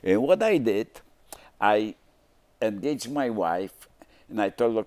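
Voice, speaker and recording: A man's voice: on the low side, expressive, slow, pauses often, darkish tone. A man in his nineties telling his life story in a TV studio interview, with broken grammar, acting out the dialogue as he goes. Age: 90s. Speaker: interview guest.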